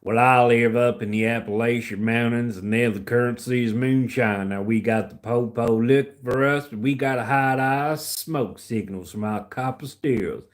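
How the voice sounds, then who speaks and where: A man's voice: medium pitch, normal speed, few pauses, lightly acted. A man putting on a drawling hillbilly moonshiner. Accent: American Southern, put on.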